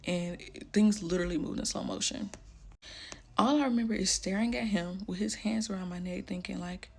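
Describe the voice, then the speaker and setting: A woman's voice: medium pitch, normal speed, creaky, breathy edge. A woman telling a personal story candidly, blunt and emotional, with casual slang.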